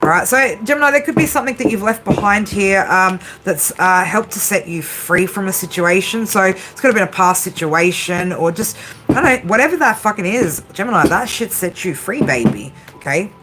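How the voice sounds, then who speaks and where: A woman's voice: mid-range voice, brisk, over music. A woman doing a casual tarot reading, tired late at night, chatty, swearing freely and tagging her lines with "right?". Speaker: tarot reader. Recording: steady background noise.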